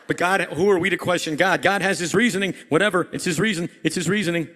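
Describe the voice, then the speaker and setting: A man giving a jokey, animated speech to a crowd at an event, repeating his phrases. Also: sits high, fast talker. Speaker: comedian speaking at an event. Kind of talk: stand-up style speech to a crowd. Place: large event hall. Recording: echoey hall recording.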